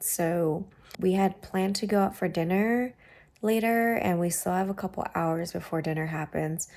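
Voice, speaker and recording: A woman's voice: lowish voice, moderate pace, a little mellow. A woman talking casually to her viewers in a vlog, upbeat and chatty. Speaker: vlogger.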